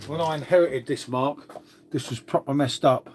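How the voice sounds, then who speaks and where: Speaking in a mid-range, darkish voice at a moderate pace, a middle-aged man casually rambles to his live-stream audience. He calls them all mate and thinks aloud while tidying, easygoing the whole time, over slight background noise.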